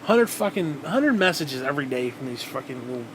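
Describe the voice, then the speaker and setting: A man's voice: medium pitch, sing-song, fairly quick, background noise. A man ranting angrily to his viewers, swearing constantly and restarting his sentences as he goes. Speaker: vlogger. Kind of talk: angry profane rant to camera.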